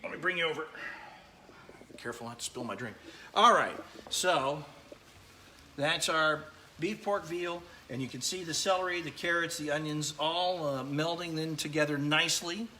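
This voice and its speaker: A man's voice: a little high, normal speed, bright, forceful tone. Man, cooking show host, chatty with viewers, echoey kitchen, faint hum behind. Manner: chatty, greets viewers by name while cooking. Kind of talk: live-streamed cooking demo, chatting with viewers. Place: home kitchen.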